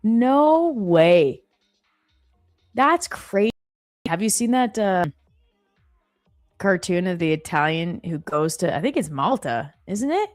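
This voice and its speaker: A woman with a lowish voice hosts a live stream from her office. She talks in a casual, chatty way and reacts to viewer comments with quick exclamations. Faint music plays in the background. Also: animated.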